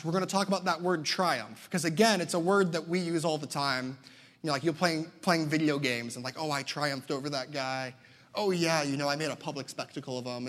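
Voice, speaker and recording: A young man preaches from the pulpit, telling stories with lively emphasis and a slightly high voice. His words ring out with a long hall reverb behind them. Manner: animated storytelling preacher. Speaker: pastor. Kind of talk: sermon.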